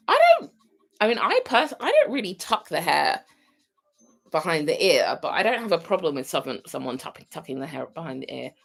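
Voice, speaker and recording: British woman vlogger, chatty and rambling, lively up-and-down voice, casual live stream host. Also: low voice, gravelly. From United Kingdom. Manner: chatty, rambling, wanders off topic. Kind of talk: casual chat to viewers.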